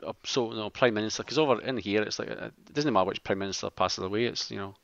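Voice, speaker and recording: A man's voice: on the low side, fast talker, gravelly, no echo. A middle-aged man co-hosting a casual podcast, rambling with joking asides. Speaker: podcast co-host. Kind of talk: casual chat. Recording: dull lo-fi dry sound.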